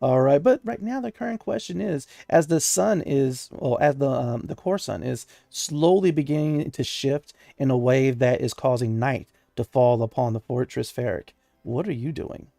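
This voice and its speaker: A man's voice: medium pitch, normal speed, creaky, dark tone, no echo, studio quality. A man narrating as game master of a tabletop game, chatty and laughing, with many fillers.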